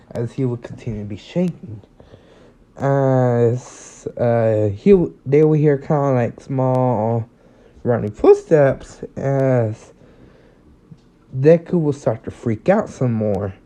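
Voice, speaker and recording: A man's voice: medium pitch, slow, dark tone. A young man casually improvising a fan story, rambling with lots of fillers and restarts, in a slightly muffled lo-fi recording. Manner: rambling, full of fillers and restarts, chuckles at his own story.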